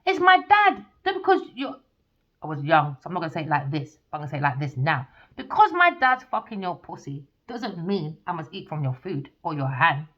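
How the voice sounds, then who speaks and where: A woman's voice: deep voice, big pitch swings, fairly quick. A woman giving a casual tarot reading in a blunt, profane, ranting way. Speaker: tarot reader. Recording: dull lo-fi recording.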